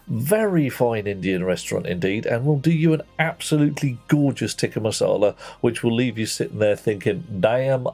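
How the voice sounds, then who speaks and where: A man's voice: medium pitch, mellow. A man chatting playfully with viewers while playing a game on a livestream, greeting them by name. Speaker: streamer. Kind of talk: casual livestream chat while gaming.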